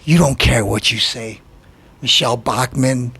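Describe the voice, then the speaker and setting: A man hosting a comedy show, delivering a mocking political rant with taunts and shouted outbursts. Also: mid-range voice, a little slow, gravelly, a little hiss or hum.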